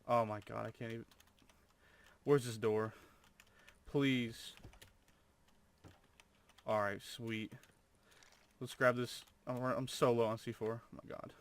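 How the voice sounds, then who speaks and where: A man's voice: mid-range voice, fairly even intonation, slow pace, pauses often. A young man commentating his own gameplay, full of over-the-top amazement and swearing. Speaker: gamer.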